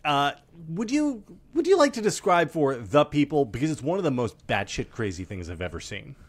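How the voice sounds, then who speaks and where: A man's voice: medium pitch, very animated, fairly quick. Podcast host, man, middle-aged, upbeat and wisecracking. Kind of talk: casual political chat.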